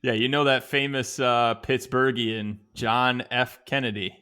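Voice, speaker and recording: A man's voice: medium pitch, fairly even intonation, a little slow, bright, forceful tone, clean tone. A man co-hosting a podcast in casual chat, easygoing, with dry teasing. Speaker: podcast co-host.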